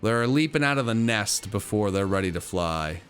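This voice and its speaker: Theatrical man with a lively voice. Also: lowish voice, moderate pace, soft background music. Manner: playful, theatrical, talks to chat. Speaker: gaming streamer. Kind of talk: live stream commentary and chat reading.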